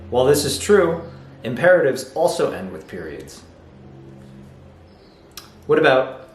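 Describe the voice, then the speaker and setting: A man's voice: medium pitch, big pitch swings, unhurried, long pauses. A man teaching a video lesson on English grammar, explaining patiently and acting out example sentences. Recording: roomy echo, faint noise.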